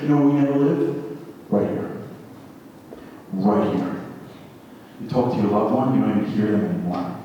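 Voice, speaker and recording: A man's voice: fairly low pitch, moderate pace, long pauses, dark tone. A man delivers an inspirational talk with dramatic repetition, slipping into quoted voices as he builds his point. He sounds far from the mic, and his voice rings through a large, echoey hall with a faint hum of room noise. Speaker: motivational speaker.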